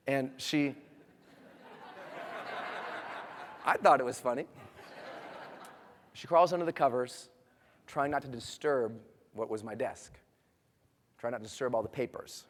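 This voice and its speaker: A man in his thirties giving a motivational seminar speech, building from quiet storytelling to loud rallying cries. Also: mid-range voice, slow pace, pauses often. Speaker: motivational speaker. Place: large hall with a live audience. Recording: long hall reverb.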